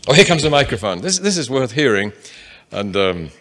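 Speaking a little fast, a man teaches an interactive Bible class to a live audience. His bright voice moves widely in pitch as he reads scripture and casually puts questions to the listeners.

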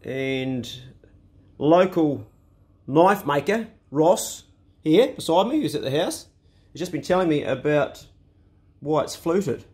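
A man's voice: fairly high pitch, lively intonation, slow pace, pauses often, darkish tone. A man with a New Zealand accent, a rural vlogger chatting casually outdoors on his farm in a laid-back, colloquial way. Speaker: vlogger and homesteader. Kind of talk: casual vlog chat.

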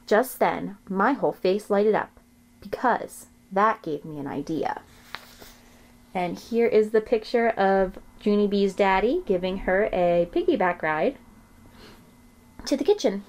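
A woman reading a children's chapter book aloud in an expressive storytelling way. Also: medium pitch, unhurried.

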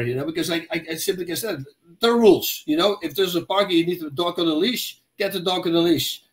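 A middle-aged man, telling stories in casual podcast chat and acting out the voices in them. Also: on the high side. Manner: animated storyteller, acts out quotes and dog growls. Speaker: podcast co-host.

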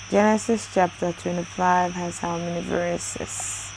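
A woman's voice: medium pitch, moderate pace, background noise. A woman hosting a daily Bible reading channel, chatting casually and effusively with many exclamations. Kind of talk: casual chat with birthday shout-outs.

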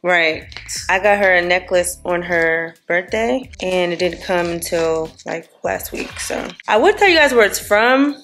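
A woman's voice: fairly low pitch, lively intonation, unhurried, a bit bright, faint music behind. A young adult woman chatting casually in a family vlog, blunt and joking, scolding her kids playfully. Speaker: vlogger mom.

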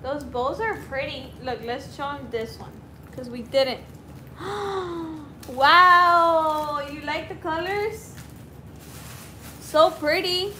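A mother on a live stream, talking to her toddler in a high sing-song baby voice while opening gifts. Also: takes it slowly, slight background noise. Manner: gasping, cooing with delight. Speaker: mother and vlogger.

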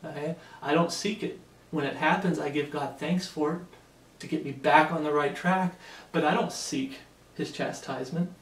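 In an echoey room with the mic placed far away, a man delivers an emphatic, sermon-style Bible lesson, repeatedly asking "Okay?" to check in. His voice is fairly high and fairly bright, with fairly even intonation and a moderate pace.

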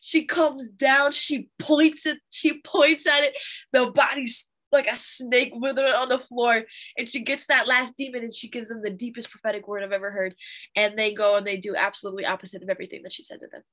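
A young woman teaching a Bible study, telling a testimony in an animated, chatty way with fillers. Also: fairly high pitch, brisk.

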